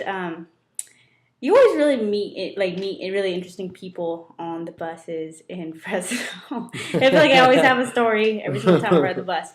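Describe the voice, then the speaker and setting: Giggly young woman telling a rambling story. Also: medium pitch. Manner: giggly, rambling, full of fillers. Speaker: co-host. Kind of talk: casual chat and storytelling. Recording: roomy echo.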